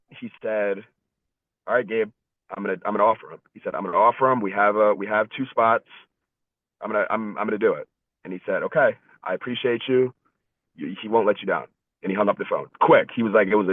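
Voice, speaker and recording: A man's voice: fairly low pitch, no echo. Earnest young man, tinny call audio. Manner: earnest, conversational, repeats words and keeps asking "right?". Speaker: guest speaker. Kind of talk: storytelling in a webinar talk. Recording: thin phone-line sound, dry.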